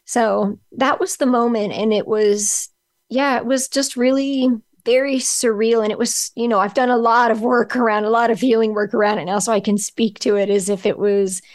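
A middle-aged woman, a podcast guest, telling a personal story in a halting way, often restarting and searching for words. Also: fairly high pitch, fairly even intonation.

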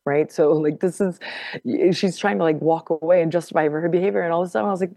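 A woman guest on a podcast telling a personal story in casual conversation. She is animated, laughs often and repeats words as she goes. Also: lowish voice, fast talker, vocal fry, no echo, studio quality.

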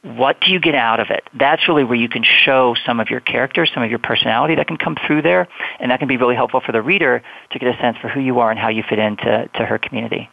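A man's voice: medium pitch, fast talker, vocal fry, no echo. Man advising over a tinny phone line. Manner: relaxed, explanatory, many fillers. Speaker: guest admissions advisor. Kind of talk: conversational advice.

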